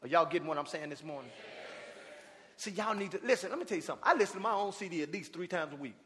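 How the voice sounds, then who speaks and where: Male preacher, high and forceful, shouting call-and-response lines, long reverb from the church hall. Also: expressive, very fast. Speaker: pastor. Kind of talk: sermon. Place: church sanctuary with congregation.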